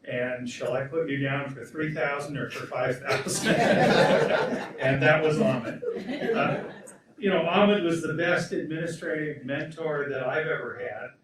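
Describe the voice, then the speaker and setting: A man, a professor, speaks at a memorial with halting starts and gentle laughs. He tells fond anecdotes. The room is very echoey and he stands far from the mic, with faint ambience behind him. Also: a little high, noisy background. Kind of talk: spoken remembrance at a memorial event. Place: memorial event hall.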